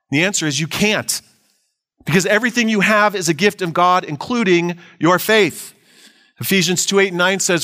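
A man's voice: high-pitched, sharp tone. A man preaching a sermon, earnest, reading scripture aloud and asking his listeners rhetorical questions. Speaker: pastor.

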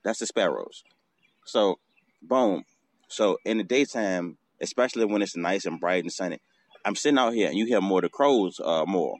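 A man's voice: low voice, expressive, moderate pace. A man hosting a podcast outdoors, telling a casual, swearing story and acting out the bird calls. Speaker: podcast host.

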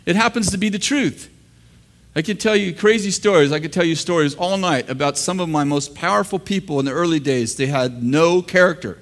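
In church, an American man delivers sermon teaching in a fairly high voice at a slightly fast clip. He cracks jokes with the congregation and laughs at what he says himself.

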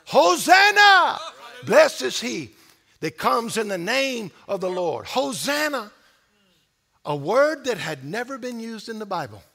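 Male pastor, very high gravelly voice, slow, bright tone; preaches with shouted refrains. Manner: preaching with rising, shouted repetition. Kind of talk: sermon.

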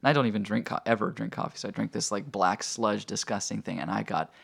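A man as a guest telling a personal story in a casual, animated way, full of fillers and acted-out quotes. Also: fairly low pitch, fast, vocal fry, breathy edge. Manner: animated, acts out quoted voices, filler-heavy.

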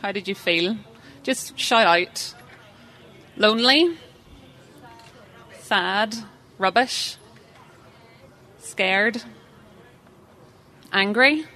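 A woman's voice: medium pitch, lively intonation, extremely slow, long pauses, bright, forceful tone. A woman giving an interactive live seminar talk, chatty and self-deprecating, putting questions to the audience. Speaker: seminar speaker.

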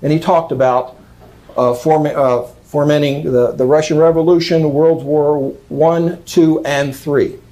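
A man's voice: a little high, fairly even intonation, a little slow, dark tone, poor audio. A man giving a lecture, reading out quotes and commenting on them emphatically, often checking in with "okay?".

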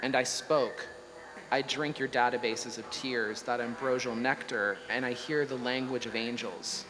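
A man's voice: medium pitch, steady tone, a little slow, close to an everyday voice. A man reading aloud as a ravenous, all-knowing AI god in a solemn, declamatory scripted performance. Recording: long hall reverb, faint hum.

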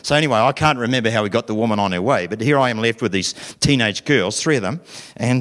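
Animated New preacher, middle-aged man. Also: on the low side, fast talker. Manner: animated storytelling, acting out voices, asking the audience questions. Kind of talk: conversational sermon.

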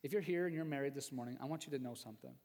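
A man's voice: medium pitch, rapid-fire, darkish tone. Man preaching in a reverberant hall. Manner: conversational preaching with jokes and asides to the congregation. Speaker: pastor. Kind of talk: sermon. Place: church sanctuary.

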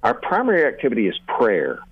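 Older male seminary teacher, earnest mid-pitched explainer, restarts his sentences, narrow phone-quality radio sound. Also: huge pitch swings, fairly quick, husky, dry recording. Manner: earnest, repeats words when starting sentences. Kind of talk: teaching on prayer in a radio interview.

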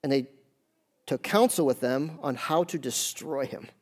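A man's voice: mid-range voice, a little slow. A man preaching a sermon in a church, talking conversationally and often asking the congregation questions. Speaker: pastor.

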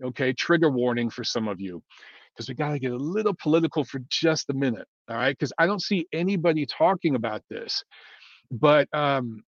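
A man's voice: medium pitch, no room sound. Blunt, rambling man talking boxing. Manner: blunt, rambling, frequent fillers and restarts. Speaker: boxing commentator. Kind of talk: casual opinion monologue. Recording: dull lo-fi dry sound.

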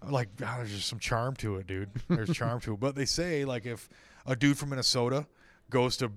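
A man's voice: mid-range voice, steady tone, moderate pace, no echo. A man co-hosting a podcast in casual chat, cursing freely and laughing often, recorded close and dry. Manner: swears a lot, laughs often. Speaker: podcast co-host.

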